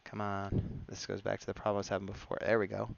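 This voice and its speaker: A man's voice: lowish voice, completely flat delivery, quick pace, creaky, highs cut off. A man chatting in a playful, easygoing way as he narrates his drawing on a live stream. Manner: playful and chatty, laughs at his own jokes.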